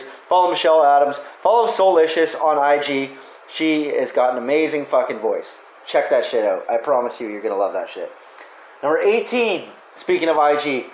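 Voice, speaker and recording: Dude swearing and joking thru fan questions, voice a bit high, echoey room. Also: male voice. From Canada. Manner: profane, joking, offhand. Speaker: rapper answering fan questions. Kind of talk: casual Q&A vlog.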